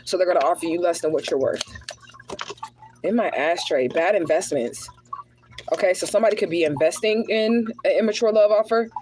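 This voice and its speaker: Woman, spiritual card reader, relaxed streaming chat, direct address to viewers. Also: lowish voice, fairly quick, a little hiss or hum, poor audio. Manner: casual, chatty, talks straight to viewers as y'all; drops into prayerful invocation. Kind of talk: livestreamed tarot reading.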